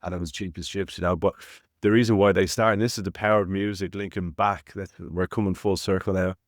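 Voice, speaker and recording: An Irish man in his thirties with a low voice co-hosts a podcast. He tells chatty stories and drops into quick impressions of the people in them. The sound is close and dry, with no room around him. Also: fairly even intonation, dry recording. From Ireland. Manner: chatty storyteller, acts out quoted voices. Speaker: podcast co-host. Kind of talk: casual chat.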